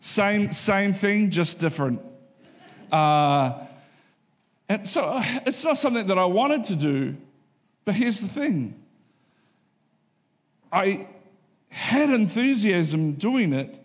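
High-voiced New pastor in a hall. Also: male voice. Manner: conversational and joking, with repeated punchlines. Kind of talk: sermon. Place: church auditorium.

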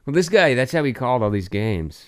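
A man's voice: medium pitch, big pitch swings, a little fast, dry recording, studio quality. Joking, laugh-prone man co-hosting a podcast. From Colorado, USA. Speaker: podcast co-host. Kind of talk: casual comedy chat.

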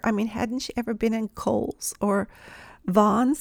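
A woman's voice: on the high side, fairly even intonation, unhurried, gravelly, dry recording, clean studio sound. A woman giving a humorous devotional talk built around a personal story, confiding and often dropping to a whisper.

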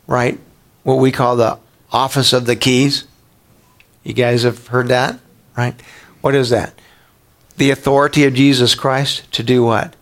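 A man preaching a sermon as a pastor, talking conversationally, often asking his congregation questions and restarting his words. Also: mid-range voice.

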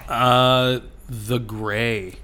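Male podcast host, mid-range voice, relaxed, laughs easily between points. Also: medium pitch, very slow. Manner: laughs often, hesitant fillers. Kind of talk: casual movie chat.

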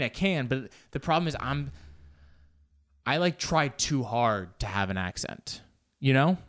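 A man's voice: medium pitch, fairly bright tone. A young man hosting a show alone, rambling in casual, profane, self-mocking chat. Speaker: podcast host.

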